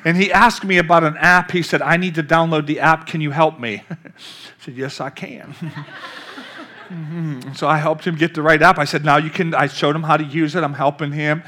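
High bright-voiced older man preaching. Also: a little fast. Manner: storytelling, animated, calls out to the congregation. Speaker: pastor. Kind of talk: sermon.

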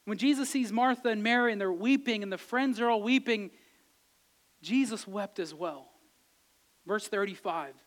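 A man preaching a sermon, earnestly retelling a scripture story, building to emphatic peaks and then dropping to a soft, quiet delivery. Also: very high-pitched.

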